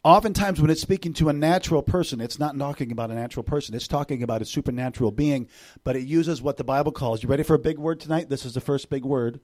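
A man's voice: mid-range voice, fast, a little mellow. A middle-aged male preacher giving a sermon, reading scripture with emphatic swells and dropping into casual asides. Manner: casual asides with fillers like "you know" and "okay".

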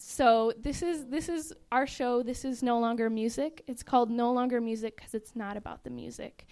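A woman's voice: fairly high pitch, steady tone, normal speed, a little mellow. A young woman, an actress in a touring ministry show, vividly and earnestly describing the show to an audience.

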